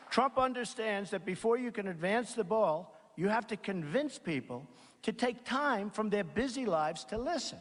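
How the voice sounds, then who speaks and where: A man's voice: high-pitched, expressive, normal speed, fairly bright tone, a little hiss or hum. A man giving a campaign rally speech in a large packed auditorium, rambling and repetitive, reading out quotes and then riffing on them. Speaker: campaign speaker. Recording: long reverb of a big hall. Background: crowd in a large hall.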